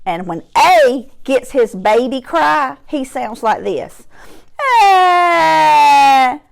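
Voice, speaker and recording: A woman's voice: on the high side, lively intonation, slow pace, creaky. A woman teaching a phonics lesson to young children, patient and sing-song, sounding out letters with exaggerated emphasis.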